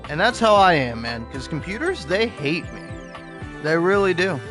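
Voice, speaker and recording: A man's voice: on the high side, big pitch swings, moderate pace, over music. A young man chatting casually on a gaming live stream, rambling and self-deprecating with lots of false starts. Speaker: gaming livestreamer.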